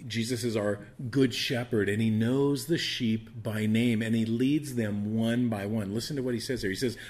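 A man's voice: lowish voice, darkish tone. A man teaching a Bible study, reading verses and explaining them in an earnest, conversational way, often restarting phrases and rising in emphasis.

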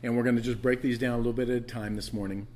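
A man's voice: medium pitch, steady tone, very fast, a little mellow. A man pastor preaching a sermon, emphatic and questioning the congregation as he teaches from scripture.

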